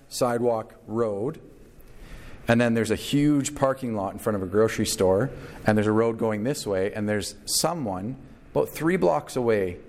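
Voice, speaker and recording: A man preaching a sermon, telling a story with lively acted-out quotes. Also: lowish voice. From Canada. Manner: animated storyteller, acts out quotes. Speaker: pastor.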